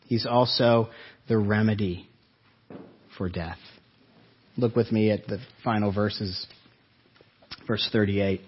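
A man preaching an earnest Easter-season sermon to his congregation, his voice swelling and then dropping soft. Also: medium pitch, breathy edge, muffled recording. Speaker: pastor.

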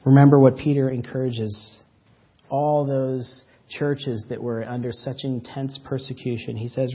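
A man preaching a sermon as pastor, swinging between loud emphatic lines and soft drawn-out words. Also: mid-range voice, slightly rough. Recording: dull lo-fi church audio.

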